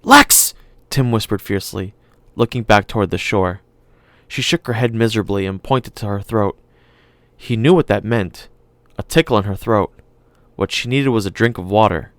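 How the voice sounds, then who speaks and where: Man, audiobook narrator, calm measured reading, lowish pitch, dry sound. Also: no room sound. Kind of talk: scripted narration.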